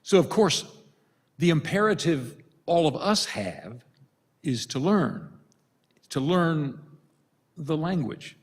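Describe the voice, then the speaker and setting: A man's voice: on the high side, sing-song, slow, pauses often, husky. An older man, a priest from the United States, giving a retreat talk with storytelling and self-deprecating humor. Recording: long reverb of a large hall.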